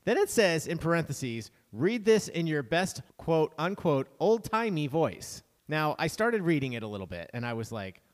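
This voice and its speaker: A man's voice: fairly high pitch, big pitch swings, moderate pace, few pauses, big-room sound. A man co-hosting a podcast in casual, joking chat. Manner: chatty, joking, wry. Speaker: podcast co-host.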